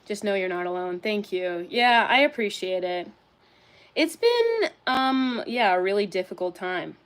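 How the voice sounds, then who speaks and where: A woman's voice: mid-range voice, sing-song, a little slow. A young woman casually chatting on a livestream, reading out and answering chat, candid, swearing and laughing often.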